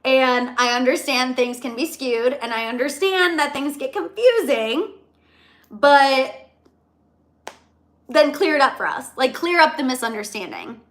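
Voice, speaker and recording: A young woman hosting a live celebrity gossip stream, chatty and animated, often repeating herself. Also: high voice, unhurried. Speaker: livestream host. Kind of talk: excited celebrity gossip livestream.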